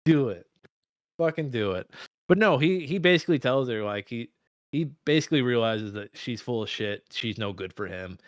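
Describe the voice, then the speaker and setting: A man co-hosting a film podcast, talking in a profane, excitable, rambling way. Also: mid-range voice, fairly quick, smooth, no room sound, studio quality. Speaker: podcast co-host. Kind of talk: casual film discussion.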